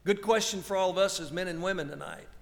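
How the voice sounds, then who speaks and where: A man preaches in a fairly high voice, leaning hard on each phrase and slowing right down when he quotes scripture. His words ring out with a long reverb, as in a large church hall. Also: creaky. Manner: slow, emphatic preaching with drawn-out quotations. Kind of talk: sermon.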